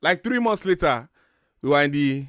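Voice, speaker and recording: A man's voice: fairly high pitch, animated, moderate pace, fairly bright tone, dry recording, clean studio sound. A man, co-hosting a casual group chat and telling boastful, joking stories with some swearing.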